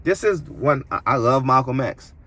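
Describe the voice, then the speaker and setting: Man, mid-pitched, boxing commentator, preachy and emphatic opinion monologue, climbs high when outraged. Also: expressive, moderate pace, pushed and bright.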